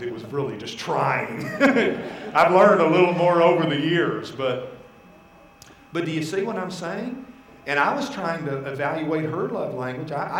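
A male pastor preaching a sermon, telling personal stories with animated asides and quoted dialogue. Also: on the high side, roomy sound, slight background noise, poor audio. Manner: animated storytelling, voicing God and his wife in asides.

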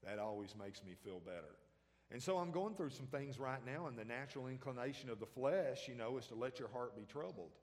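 A man's voice: mid-range voice, expressive, brisk. Male pastor, sermon, conversational, asks the congregation questions, long hall reverb. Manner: conversational preaching with call-and-response questions to the congregation.

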